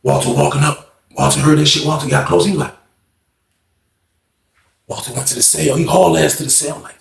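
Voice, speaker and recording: A man telling a story casually, animated and profane, acting out scenes with sound effects. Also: on the high side, fast talker, gravelly, pauses often, reverberant.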